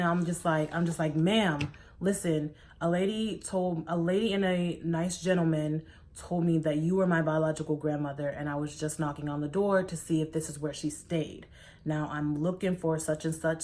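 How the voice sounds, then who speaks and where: Young woman vlogging, talks fast and loose, says like a lot, acts out what everyone said. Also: medium pitch. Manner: animated, quotes people in her own voice, says "like" a lot. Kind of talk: casual storytelling to camera.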